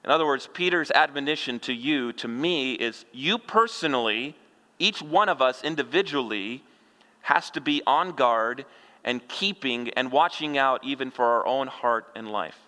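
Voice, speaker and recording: A middle-aged male pastor preaches with a bright, forceful voice, mixing folksy humor and rhetorical questions into his sermon. His voice carries through a sanctuary with a long reverberating tail. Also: medium pitch, normal speed. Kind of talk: expository sermon.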